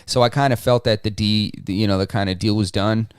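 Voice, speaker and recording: A man co-hosts a podcast in a loose, rambling way, restarting his sentences and swearing casually. His voice is smooth and resonant. The recording is dry and close, with no room sound. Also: fairly low pitch, steady tone, brisk, no echo. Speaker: podcast co-host. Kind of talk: casual chat.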